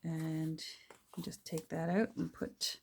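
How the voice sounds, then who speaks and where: A middle-aged woman chatting casually while she crafts, full of fillers and restarts, sometimes dropping to a soft whisper. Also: low-pitched, little pitch movement, slow, vocal fry, slight background noise. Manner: drops to soft whispers when delighted. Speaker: crafting vlogger.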